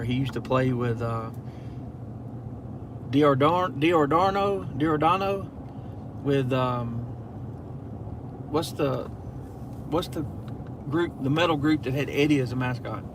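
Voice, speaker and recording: A man's voice: medium pitch, slow, pauses often. A man, hosting a casual live stream from inside a car at night and chatting to viewers in a rambling, storytelling way. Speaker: channel host. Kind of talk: casual live-stream chat while driving. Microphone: phone. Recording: car noise throughout.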